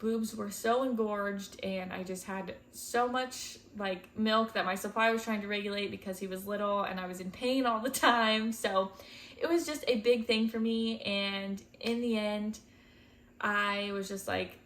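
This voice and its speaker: A woman's voice: mid-range voice, fairly even intonation, a little slow, fairly bright tone, a little hiss or hum. A woman in her twenties, a first-time mom, talking candidly and emotionally to camera in a chatty way with lots of "like" and "um". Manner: candid, emotional, close to tears at times; chatty, many fillers like "like" and "um". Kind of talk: casual talk to camera.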